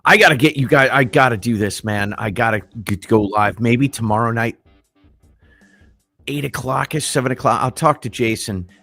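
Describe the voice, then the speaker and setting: A man chatting excitedly and rambling on a livestream, swearing freely, with faint music underneath. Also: medium pitch, moderate pace, no room sound. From US Midwest. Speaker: livestream co-host. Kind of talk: casual chat.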